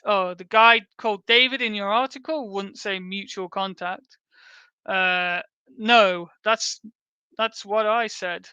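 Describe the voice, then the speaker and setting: British male streamer, loose and profane, bright crisp voice, dry sound. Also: sits high, steady tone, measured pace, no room sound, dull audio. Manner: profane, rambling, laughs often. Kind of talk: casual livestream rebuttal.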